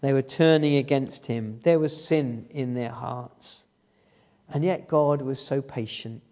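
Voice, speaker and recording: A man's voice: medium pitch, slow pace, mellow. A man preaching a sermon, telling the story and asking the congregation rhetorical questions. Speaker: guest preacher. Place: church hall. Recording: church service recording with long hall reverb.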